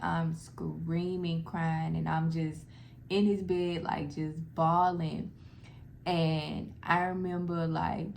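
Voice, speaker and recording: A young woman speaks straight to her viewers, telling a personal story in a loose, heartfelt way and calling them "y'all". Her voice sits a little low and carries a gravelly fry. Faint noise runs under the recording. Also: darkish tone. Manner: casual, heartfelt, addresses viewers as "y'all", many "like" fillers. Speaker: vlogger sharing a personal story. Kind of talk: emotional personal storytelling to camera.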